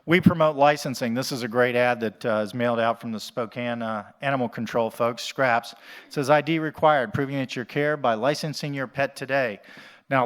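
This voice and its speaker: A man's voice: mid-range voice, a bit bright, clean tone. A man from the USA, an animal shelter director, giving a conference presentation in a jokey, conversational way and addressing the audience directly.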